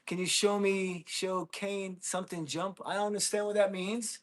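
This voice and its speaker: An American man hosting a casual livestream, chatting with viewers, thanking them and whooping with excitement. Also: sits high, moderate pace. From United States. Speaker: livestream host.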